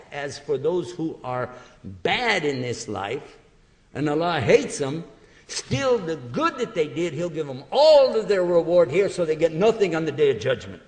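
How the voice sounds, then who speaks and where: A man giving a religious lecture to an audience, telling stories in a lively way and acting out small dialogues. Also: fairly high pitch. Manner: animated storytelling, acting out little dialogues. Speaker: Islamic lecturer. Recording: long hall reverb.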